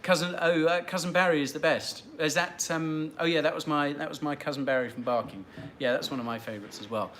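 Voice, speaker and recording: A man's voice: fairly high pitch, steady tone, fairly quick, few pauses, fairly bright tone, slight background noise. A man hosting a casual livestream, answering viewer questions in a rambling, chatty way and teasing regulars. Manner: chatty and rambling, with many fillers and restarts, light teasing of viewers. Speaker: livestream host.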